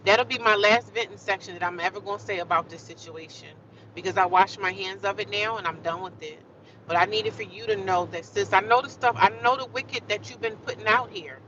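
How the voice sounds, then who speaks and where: A woman's voice: mid-range voice, a little fast, fairly bright tone, dull audio. A woman ranting on a live stream, emphatic and fiery, repeating and drawing out her phrases. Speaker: livestreamer.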